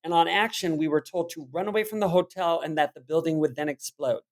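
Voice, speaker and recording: Man, actor guest, lively storyteller, frequent laughs, somewhat high voice. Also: a little fast. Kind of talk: casual interview chat.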